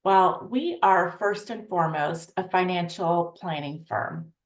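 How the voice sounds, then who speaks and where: A woman's voice: lowish voice, unhurried, reverberant. A woman hosting a webinar, talking in a friendly, chatty way and a little flustered by technical trouble, over a computer microphone on a video call. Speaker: webinar host. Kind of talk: casual webinar introduction. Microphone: computer mic on a video call.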